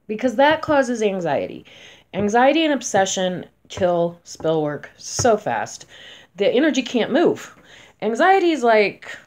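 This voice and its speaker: A woman in her forties, a spellcaster, talking casually to camera in a chatty, emphatic way, going from loud to soft. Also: mid-range voice, very animated, a little slow. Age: 40s.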